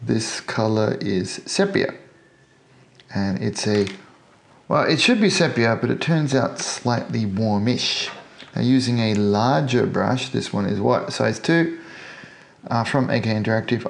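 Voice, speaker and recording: A gravelly, medium-pitched Australian voice guides viewers through painting a model. The man's narration is relaxed and talkative, sprinkled with self-deprecating jokes.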